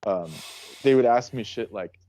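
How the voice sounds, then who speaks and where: A man's voice: mid-range voice, moderate pace, mellow, slight background noise. A man co-hosting a casual podcast chat, rambling through stories with many fillers. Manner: rambling, full of "you know" and "like" fillers. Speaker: co-host.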